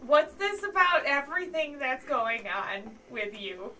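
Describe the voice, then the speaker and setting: A woman playing a tabletop game, chatting in a giggly, unhurried way. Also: high-pitched, big pitch swings, pushed and bright, distant mic. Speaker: player. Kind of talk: casual tabletop play chat.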